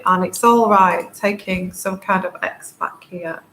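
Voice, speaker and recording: Tearful woman tarot reader, halting delivery, slight room echo and faint hiss. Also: fairly low pitch, steady tone, fairly bright tone. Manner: slow, halting, many fillers and restarts. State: tearful, crying. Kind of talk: intuitive tarot reading to camera. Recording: echoey room, faint background noise.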